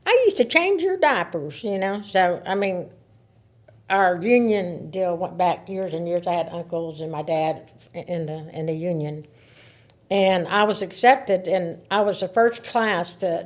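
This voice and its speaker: A woman in her seventies, a podcast guest, telling stories in a casual, animated way, laughing and repeating words as she talks. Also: on the low side. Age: 70s. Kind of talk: casual storytelling.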